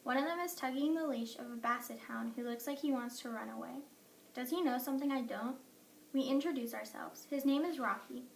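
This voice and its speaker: Woman narrator, expressive children's story reading, slightly high voice, echoey distant recording. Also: brisk, vocal fry, slight background noise. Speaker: audiobook narrator. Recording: echoey room, mic at a distance.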